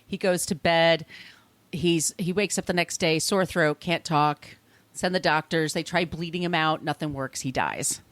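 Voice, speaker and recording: A woman's voice: sits low, a little slow, a bit bright, no room sound. A woman hosting a podcast, telling a history story in a rambling, conversational way, with restarts and the odd swear. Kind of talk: casual storytelling chat.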